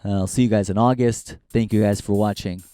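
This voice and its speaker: A young Northern California man rambles profanely and self-deprecatingly into a handheld camera while hiking, hosting his own podcast as a casual walk-and-talk vlog. He speaks fairly quickly in a lowish, dark, smooth voice with fairly even intonation. The recording is dry and studio quality.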